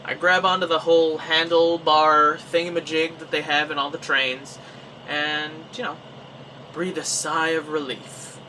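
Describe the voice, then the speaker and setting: A young Canadian man telling a personal story in a casual, animated way, acting out his own reactions. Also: on the high side, a little slow, far from the mic, a little hiss or hum, rough recording. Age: young adult. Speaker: vlogger.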